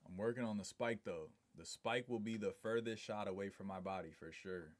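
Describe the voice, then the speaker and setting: Laid-back slangy man, lowish voice. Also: a little fast. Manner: slangy, laid-back, reads chat aloud and answers it. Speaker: live streamer. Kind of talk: casual live stream chat.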